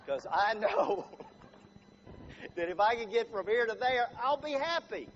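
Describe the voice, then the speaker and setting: A man's voice: extremely high pitch, animated, measured pace. A man giving a humorous talk as a motivational speaker, chatty and quizzing the room with show-of-hands questions. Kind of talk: humorous live talk to an audience. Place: room with a live audience. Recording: dull lo-fi recording with faint noise.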